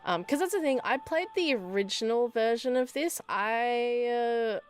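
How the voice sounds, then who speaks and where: A woman's voice: fairly high pitch, measured pace, faint music behind. A young woman hosting a let's play, reading game text aloud and chatting casually, self-deprecating with frequent laughs. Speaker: gaming video host.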